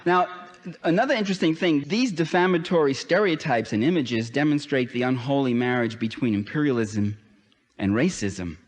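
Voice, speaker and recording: A man delivers a political lecture in an emphatic style, his mid-range voice swinging between high, pressing peaks and low, quiet stretches. The sound carries a long reverb tail from a lecture hall. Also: normal speed. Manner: emphatic, with sweeping rises and drops in pitch.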